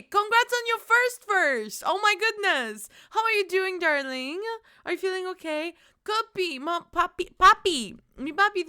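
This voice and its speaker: Bubbly, high-voiced woman streamer. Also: pushed and bright, dry recording, clean studio sound. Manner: bubbly and giggly, high squeals greeting chat, cursing. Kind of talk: casual livestream chat with viewers.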